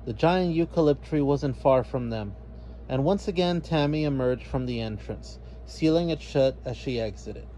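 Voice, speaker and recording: A man reading a children's story aloud as narrator, in a measured way. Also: mid-range voice, mellow, a little hiss or hum.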